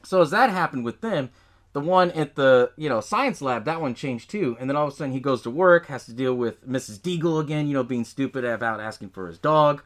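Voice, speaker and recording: A man's voice: mid-range voice, lively intonation, a little fast. A man hosting a podcast, recapping a movie in a loose, profane way and laughing often as he tells it. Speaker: podcast host.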